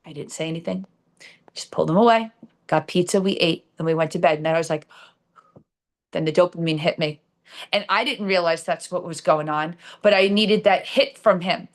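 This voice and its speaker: Speaking fairly quickly in a lowish voice, a middle-aged woman hosting her own live stream show shares a personal story with candor. She has a New Jersey accent and often uses fillers and starts over.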